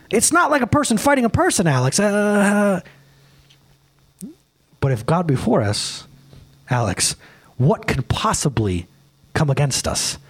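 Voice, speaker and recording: A male pastor preaching a casual sermon, excitable and rambling, often laughing at himself. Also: high-pitched.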